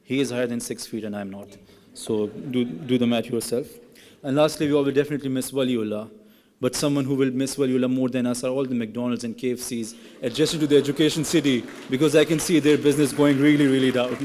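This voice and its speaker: A young man, a graduating student, gives a ceremony speech at a podium microphone in a large, reverberant hall, first earnest and then playfully teasing his classmates. His mid-range voice is a little mellow, with fairly even intonation, and he talks fast over slight background noise.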